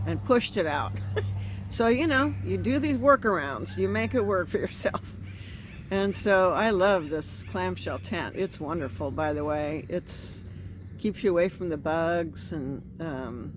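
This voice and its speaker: A woman's voice: on the low side, noisy background. Brief: woman vlogger, casual and chatty, talking to camera from inside a camp tent, upbeat storyteller who cheers herself on. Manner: chatty, storytelling, self-encouraging. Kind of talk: casual chat. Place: inside a screen tent at a campground.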